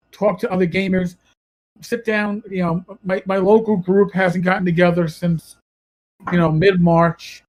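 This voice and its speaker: A man with a New York accent hosts a gaming podcast in casual talk. His voice sits high for a man. He rambles and corrects himself as he goes. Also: low-quality recording. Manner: rambling, self-correcting, conversational. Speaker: podcast host.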